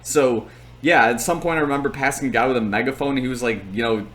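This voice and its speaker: A man's voice: mid-range voice, fast, fairly bright tone, slight background noise. A young man talking casually and at length, with plenty of fillers, as he recaps his race on his channel. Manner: chatty, rambling, lots of fillers.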